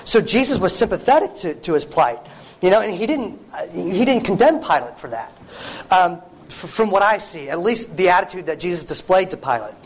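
A man with a high voice preaches a sermon to a congregation. He talks earnestly and conversationally, restarting phrases and dropping in asides as he goes. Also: big pitch swings, moderate pace, rough recording.

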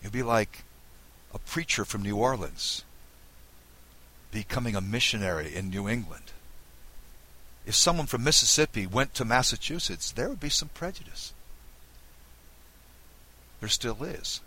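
Husky, forceful man teaching Bible. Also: on the low side, expressive, unhurried, long pauses, low-quality recording. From Southern United States. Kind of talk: recorded Bible lesson.

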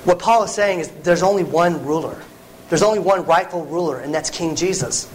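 Man, high voice, sermon, earnest, conversational, restarts and asides. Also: moderate pace, slight background noise, low-quality recording. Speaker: preacher.

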